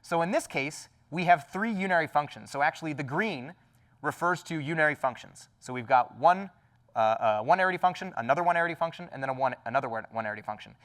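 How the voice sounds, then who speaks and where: A man's voice: on the high side, lively intonation, fast talker, fairly bright tone, recorded from a distance. A man giving a technical talk at a conference, explaining enthusiastically with lots of fillers and restarts. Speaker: conference speaker. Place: conference hall.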